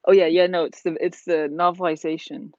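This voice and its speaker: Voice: mid-range voice, flat delivery, a little fast, darkish tone, no echo. A vlogger chatting casually while building a model, rambling with lots of "like" and "you know.". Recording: dull lo-fi sound.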